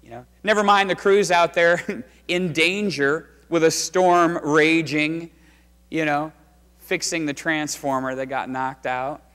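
High-voiced pastor preaching in church. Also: male voice, fairly even intonation, a little slow, clean tone. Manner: conversational, dramatic storytelling from loud to hushed. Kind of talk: sermon. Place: church sanctuary. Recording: reverberant church sanctuary.

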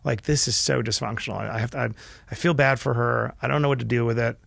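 Man, middle-aged, very gravelly voice, dry close recording, earnest candid storytelling, mid pitch. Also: fairly even intonation, quick pace, no echo. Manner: earnest and emotional, with frequent restarts and quiet dips. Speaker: podcast guest, entrepreneur.

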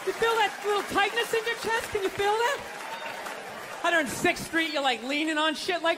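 A man's voice: very high voice, steady tone, moderate pace, background noise. A male stand-up comedian ranting and swearing, telling exasperated stories to a live audience. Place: large comedy venue. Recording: live hall with crowd laughter.

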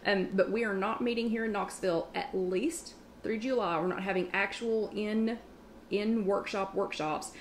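A Southern woman hosts a casual live-stream chat from home, rattling on fast and friendly. She rambles and jumps between asides, heard through a webcam mic. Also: medium pitch, fairly even intonation, slight background noise. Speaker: host of a live online chat.

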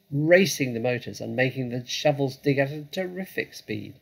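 A man reading a children's story aloud in a dramatic, measured way. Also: medium pitch, creaky, breathy edge, low-quality recording.

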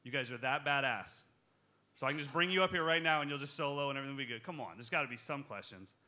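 Drum teacher guy at a clinic, bright voice, jokey, talks right at the crowd. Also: medium pitch, quick pace. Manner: animated, joking, talks straight to the audience. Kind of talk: live drum clinic talk with Q&A. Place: music shop clinic in front of an audience.

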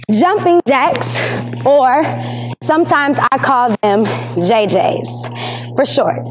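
A woman teacher leads an exercise class for school television, coaching and counting down each move. Her voice sits high and she keeps an unhurried pace. Faint music plays underneath. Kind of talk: leading a workout class. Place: indoors, recorded for school television.

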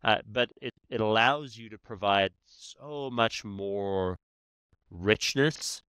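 A man with a bright, smooth, somewhat low voice explains his points emphatically. He often checks in with the listener as he talks. The sound is close and dry. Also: slow, no room sound. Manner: emphatic, many "right?" tags. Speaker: negotiation expert guest. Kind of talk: conversational explaining.

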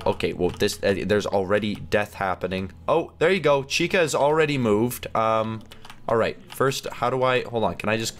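Excitable man narrating his gameplay. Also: mid-range voice, slight background noise. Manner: chatty and excitable, reacting as he plays. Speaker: gaming channel host. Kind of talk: let's play commentary.

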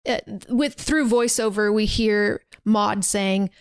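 A woman's voice: medium pitch, takes it slowly, few pauses, clean tone, dry recording. Woman hosting a podcast, chatty movie recap, lots of ums, mid voice, dry sound. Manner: chatty, many fillers and restarts. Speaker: podcast host.

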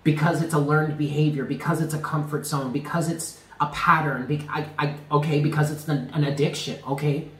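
A man giving a spoken tarot reading, earnest and emphatic, often repeating himself and dropping low on key words. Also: steady tone, a little fast, few pauses, echoey room. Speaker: tarot reader.

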